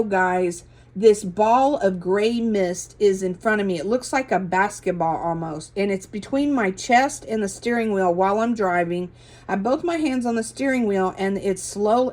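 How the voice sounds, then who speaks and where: A woman's voice: a little high, darkish tone. A middle-aged woman earnestly telling a rambling religious testimony, often correcting herself mid-sentence. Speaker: religious video host. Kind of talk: casual testimony monologue.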